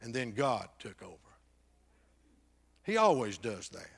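An older man, a pastor telling a personal testimony that swings between loud bursts and hushed, near-whispered passages. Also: mid-range voice, very animated, a little slow, slightly rough.

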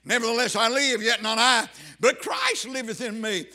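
A man preaching a fervent revival sermon, rising to shouts and half-sung phrases. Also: very high-pitched, moderate pace.

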